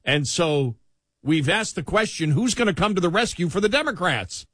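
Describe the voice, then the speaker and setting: Chatty radio host with a Buffalo accent. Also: male voice, high voice, lively intonation, moderate pace, fairly bright tone, no echo, clean studio sound. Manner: chatty, conversational, frequent "you know". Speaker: radio talk show host. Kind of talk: casual political talk radio.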